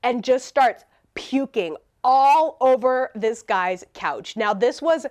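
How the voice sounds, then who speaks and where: A woman telling a storytime vlog, animated and laughing as she talks. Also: fairly high pitch, takes it slowly. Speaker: vlogger.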